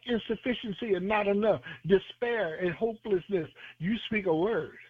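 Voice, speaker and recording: A man delivers a radio sermon in a high, husky voice. His phrasing is fervent and rhythmic, stacking repeated lines and scripture. The sound is thin and phone-like, with no room echo. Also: moderate pace, hardly any pauses. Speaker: preacher. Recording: tinny phone-line sound.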